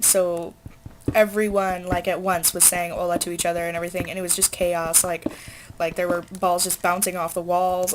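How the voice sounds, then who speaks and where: A woman's voice: medium pitch, a little hiss or hum. A teenage girl chatting casually and rambling while she plays a game, with lots of fillers and asides. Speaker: gamer. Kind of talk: casual let's play chat.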